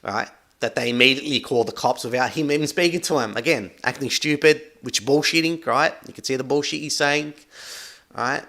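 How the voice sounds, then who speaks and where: A commentary channel host talks over a video in an accusatory, emphatic way, tacking "right?" onto nearly every phrase. His mid-range voice is brisk, bright and forceful.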